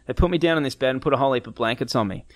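A man's voice: medium pitch, very fast, no room sound. A young man casually telling a story, acting out his friends' lines and laughing often.

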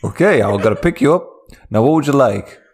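A man's voice: medium pitch, lively intonation, a little fast, a little mellow, a little hiss or hum, pitched above the performer's own voice, close to an everyday voice. A man doing a chatty fatherly barber. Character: kindly encouraging male barber, middle-aged. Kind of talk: improvised comedy scene.

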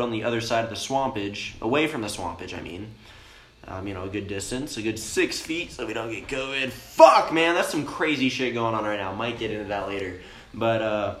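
A man's voice: medium pitch, fairly bright tone. Rambling, stoned young man telling stories. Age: young adult. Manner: rambling, profane, laid-back storyteller. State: high on cannabis. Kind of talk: casual storytelling chat. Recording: roomy with faint noise.

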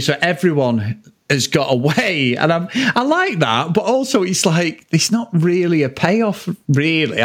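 A man in his forties, co-hosting a casual film chat podcast, rambling with plenty of swearing. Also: medium pitch. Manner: rambling, swears freely, frequent laughs. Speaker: podcast co-host.

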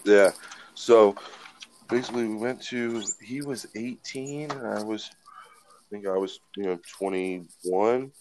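A man's voice: lowish voice, slow pace, noisy background. A man in his twenties, a podcast co-host, telling a rambling, swear-filled story in casual chat.

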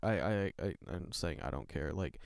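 Tired young man with a low, gravelly voice. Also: expressive, no room sound, studio quality. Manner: low, slow, soothing delivery. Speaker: podcast co-host. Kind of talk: casual chat.

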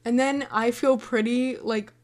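A woman of about eighteen chatting casually about a movie, scattered and excitable, rambling from thought to thought. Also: a little high, measured pace. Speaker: movie reviewer. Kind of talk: casual chat.

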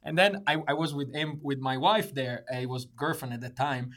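A man's voice: medium pitch, a little fast, a bit bright. A man in his thirties co-hosting a podcast, telling stories in casual chat with frequent laughs and fillers. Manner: laughing storyteller, non-native English with fillers. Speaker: podcast co-host.

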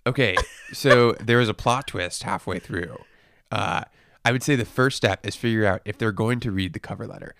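A young man gives advice in a casual chat, measured and dryly funny. His voice sits a bit low. The sound is dry and close. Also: vocal fry, fairly bright tone, clean tone, no room sound. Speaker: guest, former consultant.

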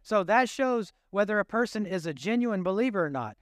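A man delivers a lively sermon in a high, clear voice. He keeps drifting into self-deprecating asides. The sound is close and dry. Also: brisk, no echo. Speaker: pastor.

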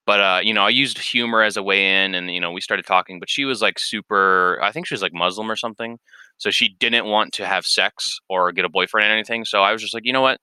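A young man tells a long personal story in a loose, rambling way, full of fillers and swearing. His voice sits a little low but sounds very bright and crisp. It is recorded close up in a dry, dead space. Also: fast talker, dry recording. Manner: rambling, candid, profane, many fillers. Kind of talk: casual storytelling.

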